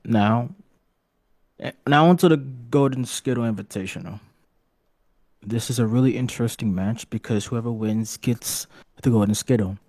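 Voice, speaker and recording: A man hosting a comedic mock wrestling press conference, rambling and halting, with bursts of swearing. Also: mid-range voice, a little mellow, no echo. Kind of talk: comedic hobby role-play.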